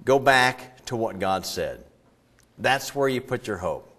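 A middle-aged pastor preaches a sermon in a slow, expressive, mid-range voice. His delivery is conversational and digressive, full of fillers, and he breaks into loud acted quotes.

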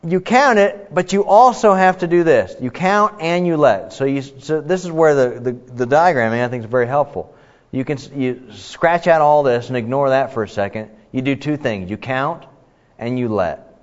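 A man's voice: mid-range voice, moderate pace. A man teaching a Bible study in a conversational, emphatic way, often restarting his sentences. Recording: dull audio, long reverb in a hall.

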